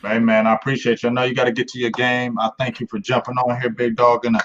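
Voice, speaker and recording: A man's voice: mid-range voice, completely flat delivery, fast, fairly bright tone. A man hosting a casual interview podcast who talks in a hyped, slangy, affirming way. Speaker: podcast host. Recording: dull lo-fi audio.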